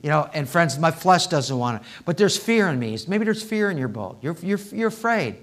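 A man's voice: on the high side, sing-song, normal speed. Impassioned male pastor preaching a sermon. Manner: swings from hushed to loud and impassioned. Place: church sanctuary.

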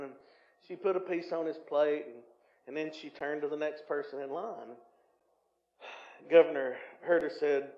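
A Southern American man preaching a sermon as pastor, swinging from loud emphatic lines to quiet, low asides, in a church sanctuary. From Tennessee. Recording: echoey, slightly muffled church recording.

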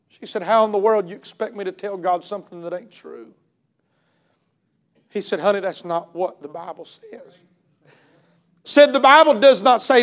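Male preacher, very high voice, impassioned revival sermon, shouts then hushes. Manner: impassioned, swings between shouting and hushed tones; storytelling, retells others' words with drawn-out emphasis. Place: church service.

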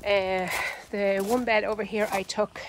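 An Irish woman giving a casual, unhurried walkthrough of her vegetable garden outdoors, chatty and full of ums and self-corrections. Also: mid-range voice, little pitch movement, very noisy. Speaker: home gardener and channel host.

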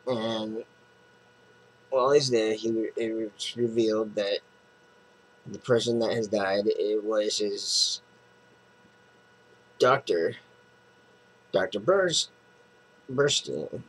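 Slow, low-voiced man rambling casually. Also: husky, low-quality recording. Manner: rambling, full of fillers and restarts. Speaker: comic book reviewer. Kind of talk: casual plot recap.

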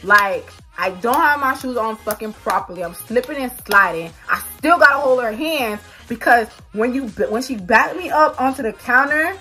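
Bright, animated woman telling a storytime. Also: on the high side, moderate pace, few pauses, soft background music. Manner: animated, swears freely, talks straight to viewers. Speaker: vlogger. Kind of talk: storytime vlog.

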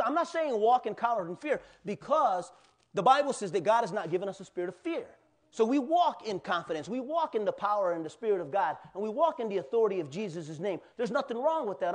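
An animated male pastor preaching in a fairly high voice. He talks in a loose, conversational way and often turns to quiz his congregation. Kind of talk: sermon.

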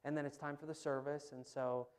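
A man preaching a sermon in church, telling stories in an animated, emphatic way. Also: on the high side, fairly quick, clean tone. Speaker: pastor. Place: church sanctuary.

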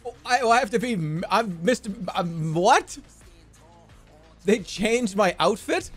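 A man streaming a game with excitable commentary, laughing and swearing often. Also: sits high, a little slow, slightly rough, soft background music. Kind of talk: casual gameplay commentary.

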